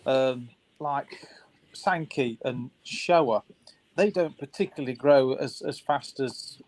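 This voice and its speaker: A man's voice: mid-range voice, slow pace, a little mellow, no room sound, poor audio. A man in a casual chat, explaining his thinking carefully with stammered restarts.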